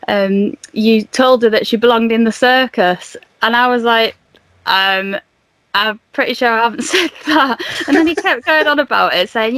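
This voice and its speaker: A young woman tells a story on a podcast, lively and full of laughter. Her voice sits a little high. The sound is close and dry with almost no room. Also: moderate pace, no echo. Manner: animated, laughing, acts out dialogue in her retelling. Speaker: podcast guest. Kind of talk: casual storytelling.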